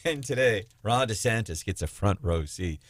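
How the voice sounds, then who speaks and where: A man hosting a political talk radio show, animated and mocking, slipping into quoted voices as he chats with his co-host. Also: on the low side, moderate pace, no room sound.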